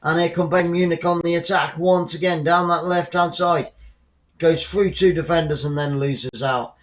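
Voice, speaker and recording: A man hosting a live fan stream from home, giving casual football commentary with chatty, rambling asides that turn excitable when the play heats up. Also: on the high side, normal speed, muffled recording. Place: at home, watching the match remotely.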